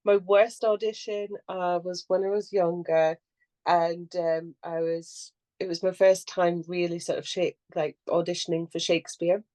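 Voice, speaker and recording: Her voice lowish and her pace a little slow, a young woman actor trades stories on a casual podcast. She laughs a great deal and performs the quotes of the people she describes.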